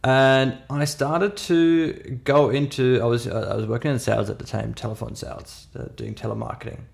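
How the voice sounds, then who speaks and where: A man in his thirties with a foreign accent tells a story on a casual podcast as a co-host, emphatic and restarting often. His voice is gravelly and medium-pitched, steady in tone, at a normal speed.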